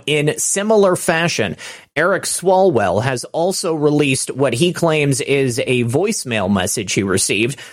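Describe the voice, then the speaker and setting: A man hosting political commentary in a sarcastic, mocking tone, talking straight to the viewer. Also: mid-range voice.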